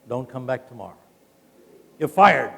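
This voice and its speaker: A man's voice: medium pitch, sing-song, unhurried, vocal fry, sharp tone, voice pushed down, exaggerated voice. An older man voicing his blunt, scolding former sales manager in a keynote story. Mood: stern. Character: stern older male insurance manager. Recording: long hall reverb.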